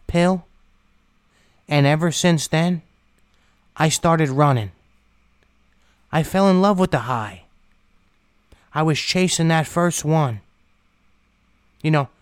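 A man shares his personal recovery testimony in a blunt, unpolished way, letting a few curse words slip. His voice sits a touch high and comes through smooth and clear. The sound is dry and close, with no room around it. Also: no room sound. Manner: blunt, candid storytelling with casual swearing.

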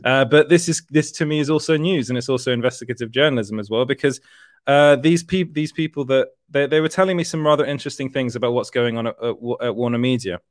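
A man's voice: medium pitch, fast, no room sound. British male host, casual rambler who keeps restarting his sentences, dry close sound. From Britain. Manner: rambling, self-correcting, laughs often. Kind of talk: casual livestream chat.

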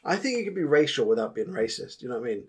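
Blunt, crude podcast host. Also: male voice, mid-range voice, sing-song, very fast, a little mellow, breathy edge. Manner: blunt, crude, joking, acts out quotes. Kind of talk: casual podcast banter.

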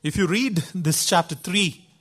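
A man preaches a sermon at a slow, deliberate pace. His voice sits fairly high, and he stresses words emphatically as he tells the story. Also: fairly bright tone.

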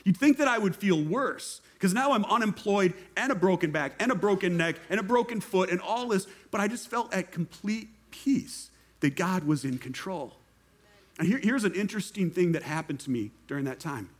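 Animated man telling his story. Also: high-pitched, moderate pace. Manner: animated storytelling, acts out quoted voices. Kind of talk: sermon testimony.

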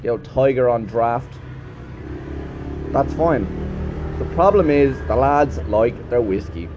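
A man's voice: mid-range voice, takes it slowly, noisy background. A man who teaches English, talking in a chatty, rambling vlog monologue and swearing freely.

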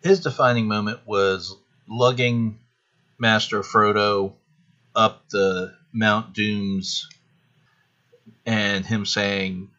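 Man, podcast host, chatty, rambling, slightly low voice, muffled lo-fi sound. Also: level tone, drawn-out words, pauses often, sharp tone. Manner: chatty, rambling, self-deprecating. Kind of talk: casual solo podcast.

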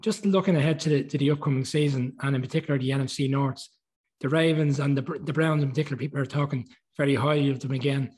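A male sports interviewer asks his questions at a brisk clip. His voice is husky and a little breathy, and he stumbles slightly as he goes. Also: mid-range voice, fairly even intonation, a little mellow, poor audio. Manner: quick, slightly halting questioning.

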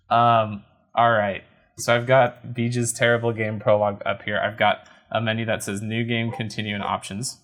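Low-voiced man chatting through a game stream. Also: a bit bright. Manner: chatty, wry, easily amused. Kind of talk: casual live game playthrough commentary. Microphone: webcam setup with desk mic.

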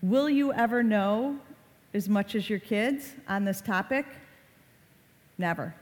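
A woman educator speaks to a room of parents about kids and the internet, easy and conversational, now and then acting out short quoted lines. Her voice sits at an everyday middle pitch. The sound trails off in the long reverb of a large hall. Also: slow pace. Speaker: online safety educator. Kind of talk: talk to parents.

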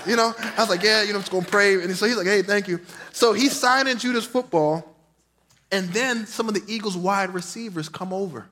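A pastor with a high voice preaches a sermon as animated storytelling, swinging between loud, passionate lines and hushed asides. There is slight background noise.

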